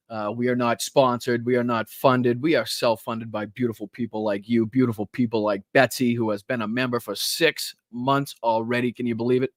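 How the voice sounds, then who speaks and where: Energetic Boston-accented podcast host. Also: male voice, mid-range voice, no echo, studio quality. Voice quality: energetic, shout-outs to viewers. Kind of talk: livestream chat with viewers.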